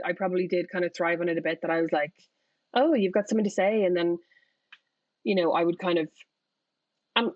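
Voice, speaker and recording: In a relaxed conversational interview, this author speaks as a podcast guest with candor and reflection, frequently starting her sentences over. She has a lowish voice with no room sound, captured in dull, lo-fi audio.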